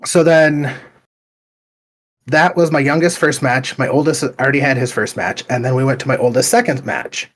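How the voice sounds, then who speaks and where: A middle-aged man telling stories in a casual chat, acting out heated exchanges with lively quoted voices. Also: mid-range voice, moderate pace. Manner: animated storyteller, acts out heated quotes. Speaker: podcast co-host.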